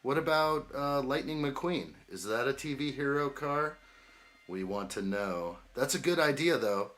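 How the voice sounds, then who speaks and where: A man's voice: mid-range voice, lively intonation, measured pace, a bit bright. A man hosting a building live stream, chatting in an upbeat way and greeting viewers by name. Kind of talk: casual live-stream chat while building.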